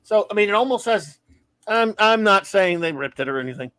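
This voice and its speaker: A man hosting a casual live-streamed show, reading out listener reviews and greetings, often stumbling and correcting himself with quick laughs. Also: sits high, lively intonation, a bit bright, no room sound.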